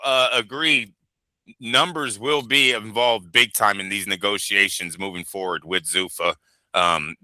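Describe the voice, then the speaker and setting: A man hosting a boxing show, talking in a casual, animated and profane way and rambling from point to point. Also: mid-range voice, dry recording. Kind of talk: casual chat.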